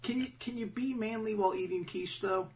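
A man co-hosting a casual podcast, joking and laughing easily. His voice sits a little high. He banters loosely. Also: brisk, a little mellow, slight background noise. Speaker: podcast co-host. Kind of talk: casual chat.

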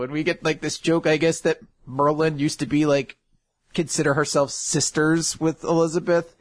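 A man's voice: on the high side, normal speed, no room sound. Casual man recapping with a dry close sound. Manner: rambling, laughing, profane. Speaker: host.

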